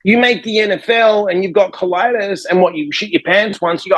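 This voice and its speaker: Animated storytelling man, high voice. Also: brisk, hardly any pauses, no room sound, rough recording. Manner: energetic, acts out the people in his stories. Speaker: podcast guest, life coach and author.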